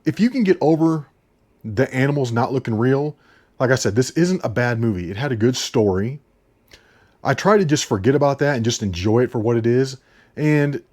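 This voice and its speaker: A man chats about films in a loose, rambling way. He repeats himself, chuckles as he goes, and keeps his voice at an everyday middle pitch. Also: a little mellow. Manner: chatty, laughs often, repeats himself. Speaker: movie reviewer. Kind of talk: casual rambling movie review.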